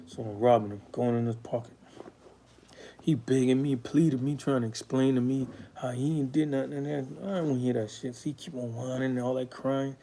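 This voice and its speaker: A man with a very dark, mellow voice recounts his past. He talks bluntly and swears freely, and there is raw emotion under it. It sounds like a candid guest interview. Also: medium pitch, fairly even intonation, a little fast, slight background noise. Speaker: guest telling his life story. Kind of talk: candid storytelling.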